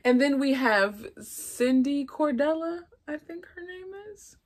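A woman from Philadelphia chatting through a film review, with a slightly high voice. She talks in an unhurried, playful and expressive way. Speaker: movie reviewer. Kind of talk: casual video review.

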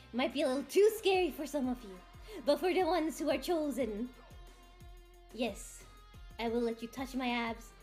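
A woman's voice: fairly high pitch, darkish tone. A woman streaming live, teasing her chat in a theatrical, boastful way with frequent laughter. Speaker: VTuber streamer.

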